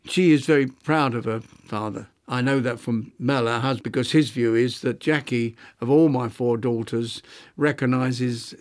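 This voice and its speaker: Halting elderly man reminiscing. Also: mid-range voice, steady tone. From London, England. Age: 90s; older. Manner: halting, reflective, many restarts and fillers. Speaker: interviewee, retired architect. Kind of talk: reminiscing interview.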